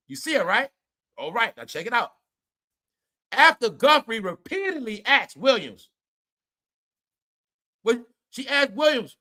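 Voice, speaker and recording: A man's voice: very high voice, lively intonation, normal speed, bright, forceful tone. A man hosting a commentary video, ranting animatedly at viewers in a profane, conspiratorial way. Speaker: commentary show host.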